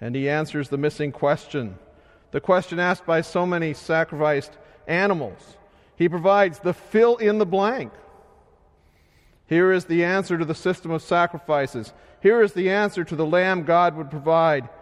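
A man preaching a sermon in a slow, measured way, his voice swelling loud and then sinking soft. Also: on the high side. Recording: long hall reverb.

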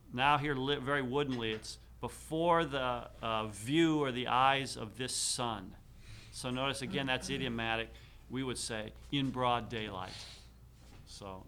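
A man lecturing to a class in a bright, forceful voice. He reads out slowly and carefully, with frequent ums and uhs, and faint room sound sits behind him. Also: mid-range voice, a little hiss or hum. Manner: slow, deliberate reading with frequent fillers. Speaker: teacher.

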